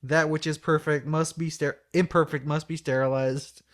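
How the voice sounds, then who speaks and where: Cold robot probe, flat, repetitive; man reads it. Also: a little high, normal speed, lightly acted. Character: male spaceship computer probe, cold, rigid.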